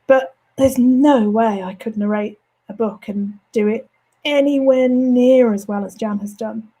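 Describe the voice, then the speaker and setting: A woman author with a mild Birmingham accent and flat vowels, going a bit hoarse, chatting in an interview with lots of ums and self-corrections. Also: fairly high pitch, measured pace, rough recording. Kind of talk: casual interview chat. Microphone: home studio setup.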